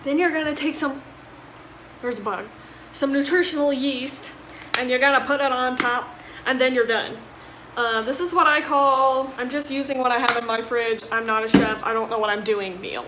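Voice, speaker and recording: A young adult woman, a college student vlogger, speaks in a high voice at a normal pace over background noise. She's filming a casual cooking vlog, chatty and self-deprecating, often exasperated at her own mishaps. The room is echoey, with dishes clattering.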